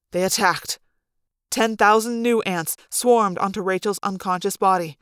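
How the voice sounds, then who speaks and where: A woman narrating a novel in the first person, with expressive, dramatic delivery in a mid-range voice. The recording is dry and close, with no room echo. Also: medium pitch, clear, resonant tone. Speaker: audiobook reader.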